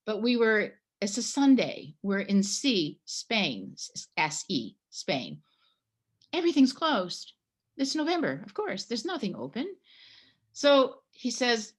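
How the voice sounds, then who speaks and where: A middle-aged woman from Canada, a guest telling a personal story in a conversation, animated and acting out the dialogue. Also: medium pitch, takes it slowly. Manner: animated storyteller, acts out her own past dialogue.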